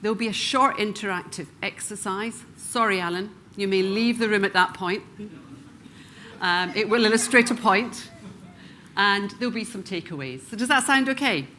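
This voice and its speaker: A middle-aged woman from Glasgow with a Scottish accent, speaking as a keynote speaker and slowing down with dramatic pauses for emphasis. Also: medium pitch, pushed and bright, a little hiss or hum. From Scotland. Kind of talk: motivational stage talk. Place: conference room before a live audience.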